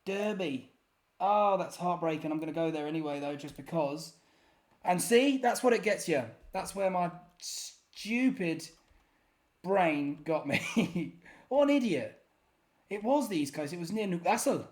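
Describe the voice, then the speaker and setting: A man's voice: a little high, measured pace. A man giving casual, self-deprecating commentary while playing a geography guessing game, often muttering in exasperation. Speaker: gaming YouTuber.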